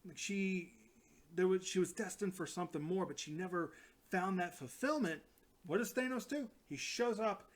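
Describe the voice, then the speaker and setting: Animated man recapping comics. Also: sits high, normal speed. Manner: rambling, animated, acts out quotes in character voices. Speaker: comic book reviewer. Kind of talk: casual solo recap.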